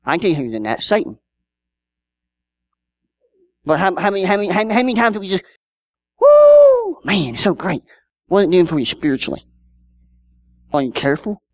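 A man's voice: high-pitched, animated, fast, long pauses, no echo. A man, preaching a sermon in a conversational style with rhetorical questions and personal stories. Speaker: pastor.

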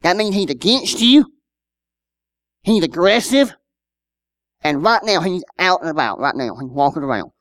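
A man's voice: high voice, sing-song, normal speed, pauses often, fairly bright tone, no echo, studio quality. A man, preaching a sermon in a conversational style with rhetorical questions and personal stories. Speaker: pastor.

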